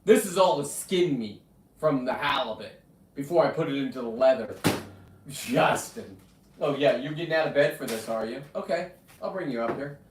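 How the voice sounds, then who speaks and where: A man's voice: mid-range voice, animated, normal speed, recorded from a distance, background noise. A man hosting a rambling livestream, brash and profane, chatting with viewers and talking to his dog. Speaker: livestream host. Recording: echoey room, off-mic.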